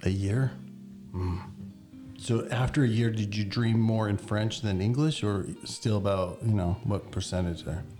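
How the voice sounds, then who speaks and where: Male co-host, very deep voice, playful teasing banter, faint music underneath. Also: unhurried, warm tone. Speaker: podcast co-host. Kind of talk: casual chat.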